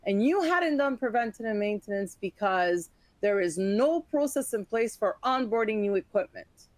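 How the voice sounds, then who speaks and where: A woman in her forties leads a webinar as an auditor. She tells stories with animation and gives everyone in them a voice. Her voice sits at a middle pitch, and the sound is dry and close. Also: moderate pace, no echo. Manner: animated storytelling, acting out quoted dialogue. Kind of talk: webinar teaching with anecdotes.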